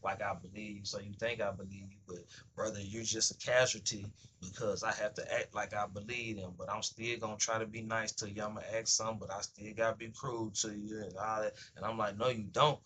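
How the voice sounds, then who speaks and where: A man's voice: lowish voice, flat delivery, brisk, sharp tone, a little hiss or hum. A man hosting a livestream, talking bluntly in casual street slang and profanity, acting out both sides of everyday conversations. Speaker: livestream host. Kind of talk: casual monologue on stream.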